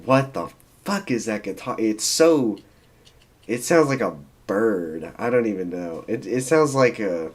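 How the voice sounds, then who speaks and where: A man's voice: lowish voice, expressive, a little slow. A man hosting a casual album reaction, blunt and profane, laughing at his own rants. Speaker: music reaction host.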